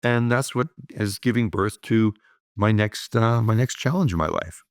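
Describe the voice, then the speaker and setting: Man, 60s, interview guest, gravelly, low-ish voice, upbeat storytelling. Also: normal speed, dry recording, clean studio sound. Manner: upbeat, frequent "you know" and "right?". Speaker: guest, business owner. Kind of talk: reflective conversational storytelling.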